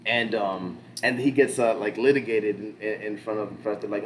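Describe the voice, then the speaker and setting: A man's voice: lowish voice, fairly even intonation, normal speed, hardly any pauses, a little hiss or hum. A man talking loosely as a podcast co-host, rambling through a show recap with lots of fillers, restarts and casual swearing. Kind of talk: casual pop-culture discussion.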